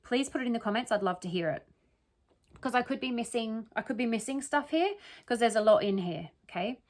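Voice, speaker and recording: A woman giving casual solo commentary that analyzes the wording of an interview, thinking aloud and often checking in with "right?" and "okay?". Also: on the high side. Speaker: true crime commentator.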